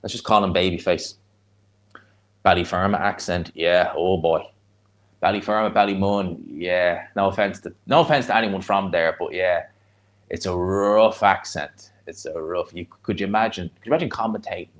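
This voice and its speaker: A man with a North Dublin accent and a fairly low voice chats through a live fight watch-along. He rambles and restarts his sentences, then breaks into excited reactions to the punches. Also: moderate pace. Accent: North Dublin (Fingal). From Ireland.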